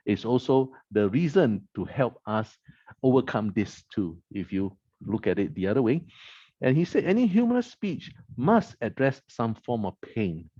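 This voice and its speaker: A man's voice: mid-range voice, very animated, normal speed, dark tone, no room sound, dull audio. A man at a club meeting, reviewing the evening's speeches, quoting lines back and naming the rhetorical devices in them. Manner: analytical, quotes lines and names rhetorical devices. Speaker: meeting evaluator.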